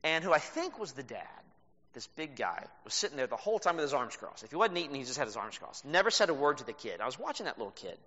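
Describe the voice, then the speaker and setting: Animated pastor preaching in a hall. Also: male voice, medium pitch, fast. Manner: storytelling, animated with laughs. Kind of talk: sermon. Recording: reverberant hall, dull sound.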